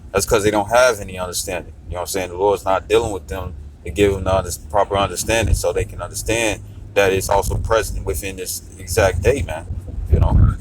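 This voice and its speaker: A man's voice: sits low, steady tone, a little fast, background noise. A man talking casually in a discussion, often checking in with "you know what I'm saying". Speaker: discussion participant.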